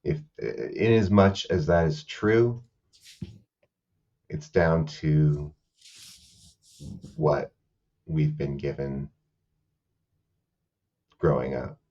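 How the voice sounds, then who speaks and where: A man's voice: extremely low pitch, extremely slow, long pauses, darkish tone, muffled recording, full character voice. A man voicing an earnest, grateful young adult twin in a tabletop game. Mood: sincere.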